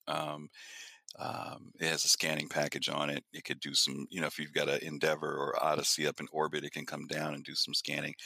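A man co-hosting a casual gaming podcast, speaking in a measured, thoughtful way. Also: rumbling low, gravelly, bright, forceful tone, no room sound. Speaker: podcast co-host.

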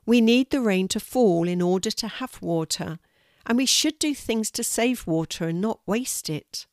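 A woman's voice: medium pitch, lively intonation, unhurried, darkish tone, dry recording, clean studio sound, pitched above the performer's own voice. A woman voicing a kindly female guide in a children's story, patiently explaining things in a teacherly way. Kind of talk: storybook reading.

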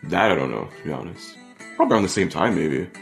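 A man's voice: deep voice, expressive, fast, gravelly, faint music behind. A young man co-hosting a podcast, rambling casually through a song review with lots of fillers. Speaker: podcast co-host. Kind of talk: casual music review chat.

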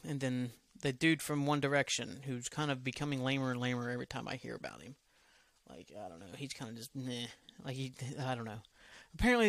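A man's voice: mid-range voice, a bit bright, no room sound. A man hosting a solo podcast, rambling from topic to topic in loose, profane talk that often trails off. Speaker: podcast host.

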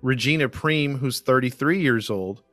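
A man's voice: mid-range voice, normal speed, a bit bright, no room sound, faint music behind. A man casually telling a crime case as podcast host, with many fillers and restarts. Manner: rambling, filler-heavy storytelling. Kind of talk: casual true crime chat.

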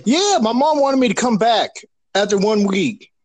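A man's voice: sits high, animated, moderate pace, darkish tone. A man guesting on a casual podcast, laughing often and stumbling through stories. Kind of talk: casual chat among friends.

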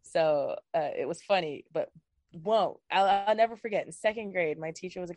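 A woman's voice: lowish voice, normal speed, no echo. Chatty young woman, dry sound. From Virginia, USA. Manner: animated and rambling, laughs often. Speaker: guest. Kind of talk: casual chat.

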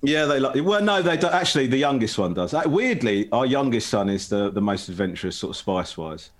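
A man's voice: mid-range voice, expressive, a little fast. A man, telling stories in casual chat, self-mocking and often laughing.

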